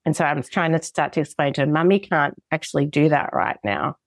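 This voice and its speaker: A woman hosting a podcast, talking in a relaxed, conversational way and laughing easily. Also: low voice, brisk, no echo, studio quality. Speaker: podcast host, speech pathologist. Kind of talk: casual podcast chat.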